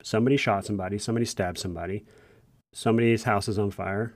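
A man with a somewhat low voice tells a personal story in a folksy, earnest way, stumbling and restarting as he goes. He speaks to first responders. The sound is dry and close, with no room echo. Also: fairly even intonation, fast. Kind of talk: casual storytelling monologue.

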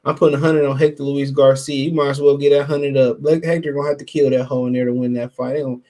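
Here a man hosting a boxing podcast talks quickly at medium pitch, with a flat delivery and a dark tone. Greeting the live chat, he offers casual boxing talk that is profane and heated, stressing and repeating himself.

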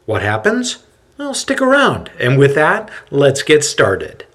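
A man hosts a podcast and narrates in a dramatic, expressive way. His pitch rises and falls widely, and his voice is slightly husky. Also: takes it slowly. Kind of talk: scripted narration.

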